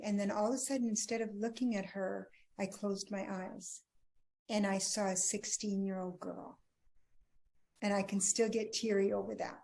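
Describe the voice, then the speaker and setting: A middle-aged woman, a marriage coach, telling her personal story earnestly in an interview, often dropping to a hushed tone. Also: mid-range voice. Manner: earnest, emotional, drops to a hushed voice at tender moments.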